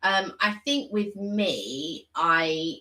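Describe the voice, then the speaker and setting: A woman's voice: on the low side, extremely slow, reverberant, poor audio. A woman co-hosting a live stream, chatting casually and rambling through long stories with lots of restarts. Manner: chatty, rambling, with many restarts and animated retellings. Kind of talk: casual chat.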